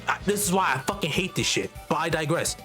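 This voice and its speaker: A man's voice: a little high, lively intonation, quick pace, pushed and bright. Ranting, foul-mouthed young-sounding man. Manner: heated, swearing constantly, repeats himself. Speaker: artist and vlogger. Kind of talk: profane ranting monologue. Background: faint background music.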